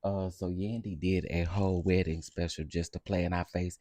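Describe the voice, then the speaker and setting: A man hosting a live stream of reality TV gossip, talking in a sassy, expressive way straight to his viewers. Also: sits low, a little fast, dry recording, clean studio sound.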